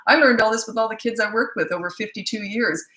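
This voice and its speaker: Fast-talking older woman, echoey room. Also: a little high, a bit bright. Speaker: parenting coach. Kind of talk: live-stream Q&A.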